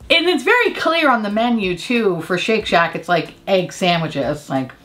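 A woman's voice: mid-range voice, animated, measured pace, fairly bright tone, faint music behind. Foul-mouthed joking woman vlogger. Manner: candid, profane and joking; chatty with frequent laughs. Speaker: beauty vlogger. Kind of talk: casual makeup chat and storytelling.

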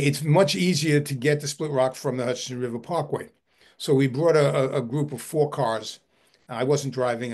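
A man who heads a historical society gives a video-call book talk. He tells an animated anecdote and often repeats his words. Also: medium pitch. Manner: animated, repeats words while telling a story.

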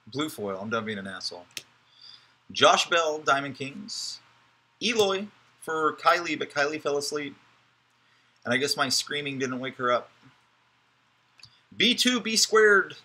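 A man's voice: on the high side, sing-song, unhurried, long pauses, bright, forceful tone. A man hosting a live card break, giving chatty, joking running commentary as he opens packs.

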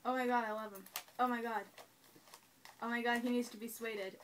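A young woman who gushes excitedly and chats to her new doll while unboxing it on camera, kneeling on the floor at home. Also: on the high side, fairly quick, long pauses, slight background noise. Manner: gushing, excitable, talks to the doll. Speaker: doll collector vlogger. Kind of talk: casual unboxing chat. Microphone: camera mic.

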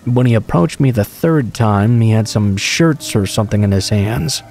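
A man reading true scary stories aloud in a calm, steady first-person narration. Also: on the low side, moderate pace, slight background noise. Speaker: horror story narrator.

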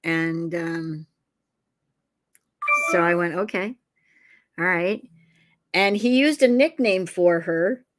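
A woman's voice: fairly low pitch, takes it slowly, pauses often, slight background noise. A woman who is a psychic detective and author, telling a long story in a casual interview over a video call, circling back with fillers as she goes.

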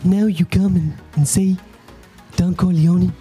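Guy putting on a high-voiced movie mafia don, slow menacing mumble, faint music behind. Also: fairly even intonation, warm tone, husky, exaggerated voice. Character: male film star posing as a mafia boss.

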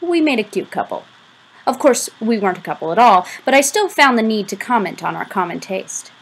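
Woman reading a novel aloud, breathy husky voice, mid pitch, lively expressive narration. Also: fairly quick, rough recording. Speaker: audiobook reader.

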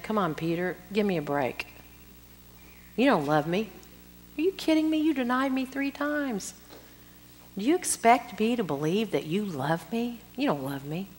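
A middle-aged woman preaching at a women's conference, teaching in a lively way with asides to the audience. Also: mid-range voice. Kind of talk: sermon. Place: conference hall. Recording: long hall reverb.

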